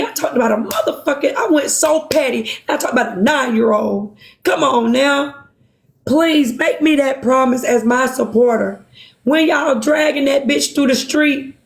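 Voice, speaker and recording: A high-pitched woman pours out her feelings to her supporters, passionate, blunt and full of curses. Her voice bounces around a roomy, echoing space. She scolds herself as she speaks. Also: creaky. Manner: impassioned, profane, self-reproaching. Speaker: livestream host. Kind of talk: emotional livestream talk.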